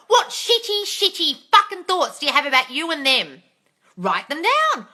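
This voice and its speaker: A woman's voice: sits high, very animated, normal speed, sharp tone. A young woman coaching on a phone live stream, blunt and swearing freely as she answers comments. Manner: blunt, swears freely, ranting then laughing. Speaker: manifesting coach.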